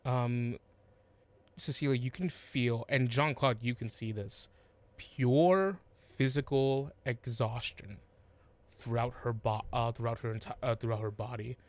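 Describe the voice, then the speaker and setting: A man's voice: mid-range voice, darkish tone. Man narrating as game master. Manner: halting, restarts, many fillers.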